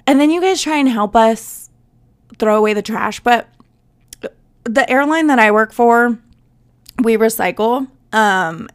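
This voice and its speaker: A young woman, a flight attendant hosting her own podcast, telling stories in a casual, chatty monologue and laughing as she acts out passengers. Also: fairly high pitch.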